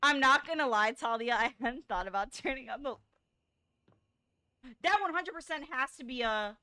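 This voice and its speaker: A woman streaming a video game and giving casual commentary, reacting loudly and swearing freely. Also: high voice, animated, normal speed, clean tone, no room sound. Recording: gaming stream with music behind.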